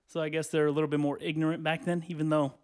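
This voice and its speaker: A man's voice: fairly high pitch, little pitch movement, fast talker. Man ranting on a bedroom podcast. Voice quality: keeps clearing his throat. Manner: rambling, profane, lots of "you know". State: out of breath and sweaty, standing. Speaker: podcast host. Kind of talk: solo casual rant. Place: small hot bedroom.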